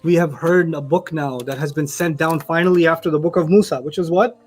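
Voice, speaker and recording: A man teaching a Quran lesson as a story, acting out quoted voices and reciting Arabic quickly. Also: fairly high pitch, fairly even intonation, a little mellow, soft background music.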